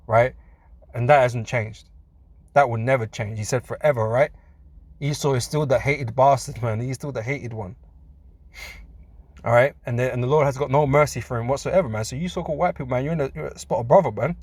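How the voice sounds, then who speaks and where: Male preacher, mid-pitched, loose street-talk delivery, laughs between points, dry sound. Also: brisk, a little mellow, dry recording. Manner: casual, says "man" a lot, laughs between points. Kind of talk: scripture teaching.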